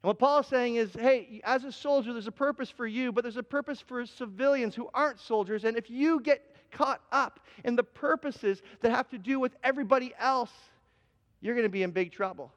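A man's voice: very high-pitched, a little fast, few pauses, fairly bright tone, highs cut off. A man preaching a sermon as pastor, telling a story in a conversational, self-deprecating way and acting out bits of dialogue. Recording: long hall reverb.

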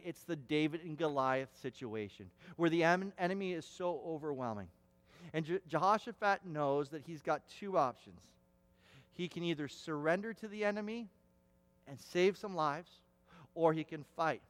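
A man preaching a sermon as pastor, emphatic and repeating words for stress, with a long hall reverb. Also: a little high.

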